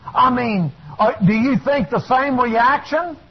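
Taking it slowly, a male preacher with a breathy edge to his voice preaches a fiery sermon. He alternates shouted points with low asides, and the recording sounds dull and lo-fi.

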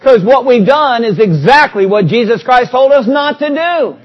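A man's voice: very high voice, expressive, moderate pace, highs cut off. A man preaching a sermon, talking to the congregation in a conversational way and reading out scripture.

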